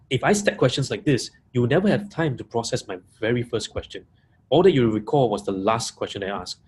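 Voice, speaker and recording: Guy running a coaching webinar, mid pitch, leans hard on words, says things twice, faint noise behind. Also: lively intonation, brisk. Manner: emphatic, repeats key points, stresses single words. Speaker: coaching trainer. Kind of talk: webinar teaching talk. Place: live audience room.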